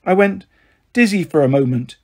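A man's voice: high voice, moderate pace, husky, full character voice. A man voicing a tiny, frail female fairy who is proud and playful, speaking primly and insistently. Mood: lively. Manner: prim, lively, insistent.

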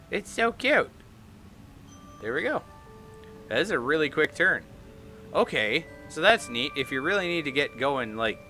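Enthusiastic male gamer, bright tone, lively up-and-down delivery, soft game music under him. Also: mid-range voice. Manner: excitable, reads game text aloud in voices. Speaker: gaming YouTuber. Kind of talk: let's play commentary. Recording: light game music behind.

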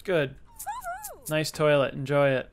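A man's voice: on the high side, level tone, unhurried, slight background noise. A man giving casual let's-play commentary, chatty and self-mocking, talking to the game's characters. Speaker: gaming YouTuber.

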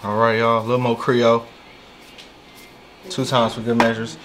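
A man's voice: mid-range voice, monotone, normal speed, fairly bright tone, slight background noise. A man hosting a casual cooking vlog in a home kitchen, laid-back and slangy, talking to viewers as "y'all". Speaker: vlog host cooking fish.

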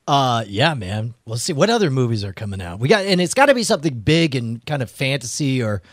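A man's voice: mid-range voice, big pitch swings, brisk, no echo, clean studio sound. A man co-hosting a comedy podcast, laughing often as he spins out silly scenarios. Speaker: podcast co-host. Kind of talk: casual comedic chat.

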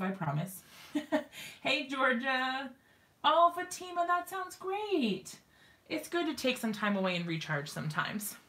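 A talkative woman in her thirties hosts a casual craft live stream from a room in her home. Her voice sits a little high, and she laughs often, apologizes, and fills her sentences with ums. She is sometimes winded, and her voice comes and goes as she moves nearer to or farther from the mic. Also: fairly bright tone. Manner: chatty, apologetic, laughs often, many fillers. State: out of breath.

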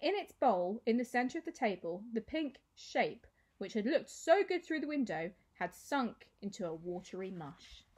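A woman teacher reading a children's novel aloud with expressive storytelling. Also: on the high side, normal speed.

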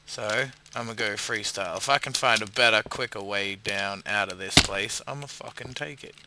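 A man with an Australian accent, a bit drunk, giving casual gameplay commentary and swearing loudly at his own failed jumps. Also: fairly low pitch, normal speed, heavy background noise. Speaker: gamer playing a parkour map.

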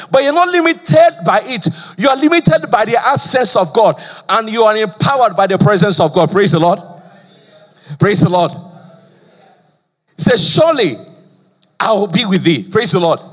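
A man's voice: high voice, fairly bright tone. A male pastor from Nigeria preaching a sermon with call-and-response questions, a slight stammer and frequent "praise the Lord.". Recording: long church hall reverb.

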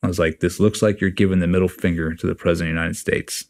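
A man's voice: low voice, racing. A man in his forties, a podcast guest, telling his story bluntly and casually, swearing freely and acting out what others said. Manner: blunt, profane, animated retelling with quoted dialogue. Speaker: podcast guest, retiring Navy SEAL chief.

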